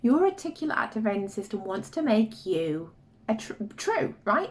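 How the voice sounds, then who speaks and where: A woman's voice: a little high, moderate pace, slight background noise. A woman talking casually to camera, giving life advice and acting out inner voices along the way. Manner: animated, acts out inner voices in quotes. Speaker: life coach vlogger.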